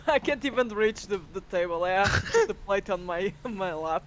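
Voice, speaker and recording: High, lively young man at the table. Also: normal speed, slight background noise. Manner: playful, laughing often. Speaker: player. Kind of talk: casual tabletop game chat.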